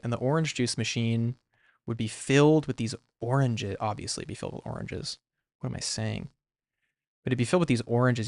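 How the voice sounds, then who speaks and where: Sketching on a livestream, this young artist rambles casually, saying "like" a lot and restarting often. His voice is gravelly and fairly low, with no room sound.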